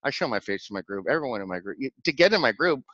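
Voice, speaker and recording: A man hosting his own channel, telling a rambling, excitable story in a casual vlog recap, laughing often and repeating words as he goes. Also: medium pitch, racing, no echo. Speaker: channel host. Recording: dull lo-fi dry recording.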